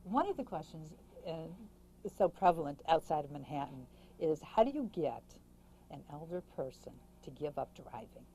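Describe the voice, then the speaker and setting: A woman's voice: low-pitched, very animated, moderate pace, mellow, a little hiss or hum, rough recording. A woman hosting a talk show, asking brief, attentive questions of her guest. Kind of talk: interviewing a guest.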